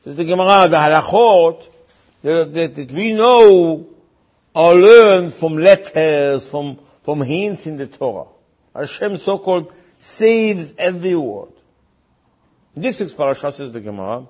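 A man with a husky, somewhat high voice teaches a Torah lesson in broken English. He scolds and fires off incredulous rhetorical questions. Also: lively intonation, unhurried, a little mellow. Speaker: rabbi. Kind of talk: animated Torah class, retelling with mock dialogue.

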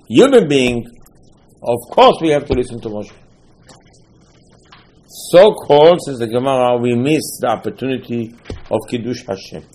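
A man giving a Torah class as a rabbi. He talks in an animated way, acts out the quotes and uses loose, non-standard English. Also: mid-range voice, poor audio. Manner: animated, acts out quotes, mixes in Hebrew terms.

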